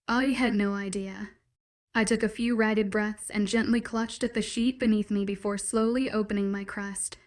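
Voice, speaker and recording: A woman narrating a first-person werewolf story in a measured, dramatic inner-monologue style. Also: medium pitch.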